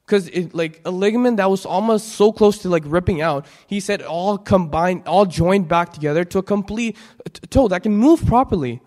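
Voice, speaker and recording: A young man giving an earnest, halting personal testimony in church, full of restarts. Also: sits high, darkish tone. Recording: long hall reverb.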